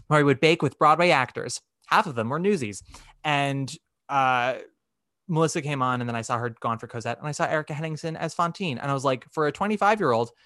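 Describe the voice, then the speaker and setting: A male podcast host with a medium-pitched voice, recorded in studio quality with no echo, chats casually. He's an animated storyteller who acts out quotes as he goes.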